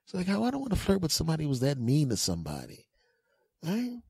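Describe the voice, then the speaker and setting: Forties guy doing a funny podcast story, kinda high voice, super dry mic, keeps doing silly voices. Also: fast, creaky, slightly rough, no room sound. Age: 40s. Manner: animated, mimics other people's voices with big pitch jumps. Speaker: podcast host. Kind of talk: comedic storytelling monologue.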